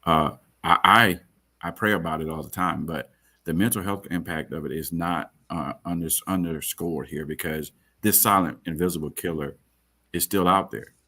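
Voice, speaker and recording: A man's voice: low voice, normal speed, pushed and bright. A man speaking on a webinar panel in an earnest way, often repeating words.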